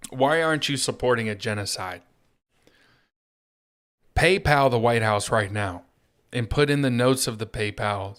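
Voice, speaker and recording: A man's voice: medium pitch, unhurried, long pauses, fairly bright tone. A man hosting a solo political commentary show, talking in a sarcastic, mocking way. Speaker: host.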